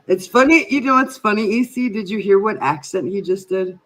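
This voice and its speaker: A man's voice: high-pitched, expressive, a little fast, fairly bright tone. Chatty man hosting a live stream. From Midwest US. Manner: chatty, reads out viewer comments. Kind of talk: casual chat.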